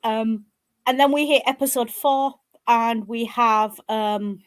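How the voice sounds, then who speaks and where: A woman, co-hosting a casual podcast chat in a blunt, animated, sweary way. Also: fairly high pitch, slow pace. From northern England. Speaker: podcast co-host.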